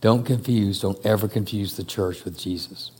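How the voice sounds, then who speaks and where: A man preaching a sermon to a church congregation, speaking slowly and emphatically with long pauses. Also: fairly low pitch, darkish tone, slightly rough. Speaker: pastor. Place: church hall. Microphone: handheld or stand mic.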